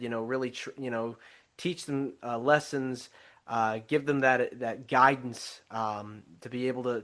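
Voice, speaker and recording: A man hosting a podcast interview, asking questions in a halting way with many fillers. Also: mid-range voice. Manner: halting, full of fillers like uh and you know. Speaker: podcast host.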